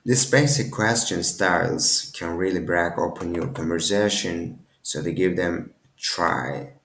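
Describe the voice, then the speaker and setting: Deep gravelly guy teaching a language class, slow and echoey. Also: a bit bright, slight background noise. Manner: halting, many restarts and self-corrections. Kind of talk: casual language lesson.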